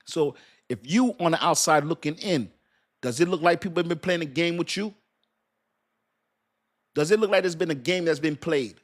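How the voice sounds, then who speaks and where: A man giving animated, casual crypto commentary, laughing often and preaching with slang. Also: on the high side, normal speed, long pauses. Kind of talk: casual talk to camera.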